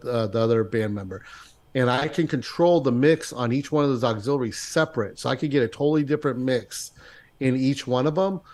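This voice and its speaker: Brief: male musician, even mid voice, plain methodical explainer. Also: medium pitch. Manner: steady, methodical. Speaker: guest musician. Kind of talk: casual technical explanation.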